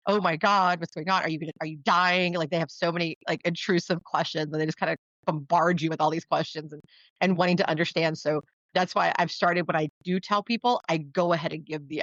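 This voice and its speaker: A woman talking casually as a podcast guest, laughing often and acting out quoted people in a higher voice. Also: no echo. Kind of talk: casual interview conversation. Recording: dull dry lo-fi sound.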